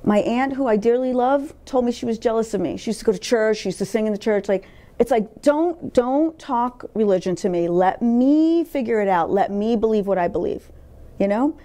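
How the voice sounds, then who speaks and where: A woman's voice: a little high, fairly quick, warm tone. A middle-aged woman talking candidly in an interview, emphatic and blunt, swearing freely as she tells her life story. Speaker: interview guest.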